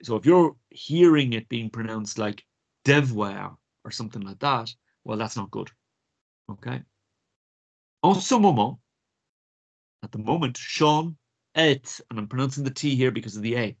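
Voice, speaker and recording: Irish guy teaching french exam prep, kinda husky voice, repeats stuff slow. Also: medium pitch. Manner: lively, repeats phrases slowly for pronunciation.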